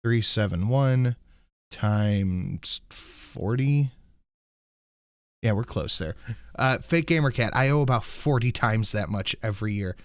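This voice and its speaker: A man's voice: fairly low pitch, takes it slowly, no room sound. Angry ranting man, dry close mic. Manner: angry, profane storytelling, quotes himself loudly. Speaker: podcast host. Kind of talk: casual ranting chat.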